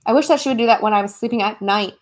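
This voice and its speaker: A woman's voice: medium pitch, rapid-fire. A young American woman chatting casually on a livestream at home, reading out viewer comments and giggling between replies. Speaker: livestream host. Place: her home in Los Angeles.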